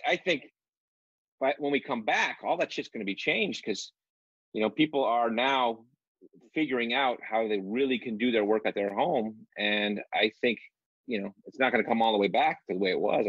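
Male comedian guest, husky, easygoing, dull dry call sound. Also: mid-range voice, fairly bright tone, dry recording. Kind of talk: casual chat over video call.

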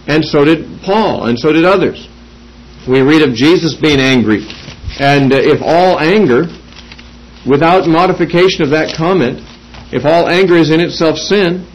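Husky-voiced man teaching scripture. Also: fairly high pitch, dull audio. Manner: deliberate, reasoned, with small restarts. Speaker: Bible teacher. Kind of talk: verse-by-verse Bible teaching.

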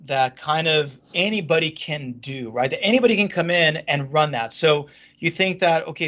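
A man speaking as a franchise executive guest in a casual podcast interview, rambling and animated, with many restarts and fillers, from a home office at a standing desk over a video call. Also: fairly high pitch, highs cut off.

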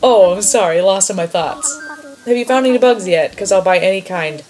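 A woman's voice: medium pitch, moderate pace, a little mellow, soft background music, close to an everyday voice. A woman reading aloud the lines of a dreamy male artist obsessed with bugs, in an earnest, wistful, poetic way. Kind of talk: reading game dialogue aloud.

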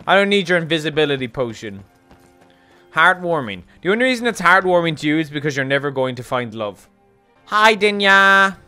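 A man's voice: a little high, big pitch swings, brisk, bright, forceful tone, clear, resonant tone, soft background music. A man giving casual, sarcastic game commentary, rambling and joking as he plays. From Ireland. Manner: rambling, sarcastic, jokey ranting. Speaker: gaming streamer. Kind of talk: casual let's play commentary.

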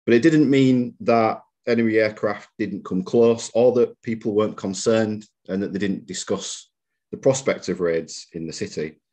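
Husky-voiced man giving a history lecture. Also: lowish voice, dark tone. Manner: measured, reads out quotations, occasional fillers. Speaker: museum lecturer. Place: lecture room.

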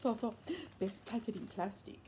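A woman at a middle pitch chats about her crochet projects in a rambling, upbeat way, full of fillers and quick self-corrections. She sounds casual and enthusiastic, with a faint hiss of background noise behind her. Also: steady tone, mellow. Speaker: crochet and knitting podcast host. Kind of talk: casual show-and-tell chat. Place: indoors at home, bedroom.

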